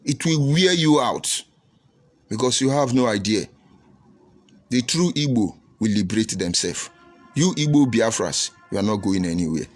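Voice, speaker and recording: A man's voice: medium pitch, animated, normal speed, faint music behind. Combative Nigerian preacher man. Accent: Nigerian English. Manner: combative, preachy, rhetorical questions. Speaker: preacher and livestream host. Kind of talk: livestream commentary reading viewer comments.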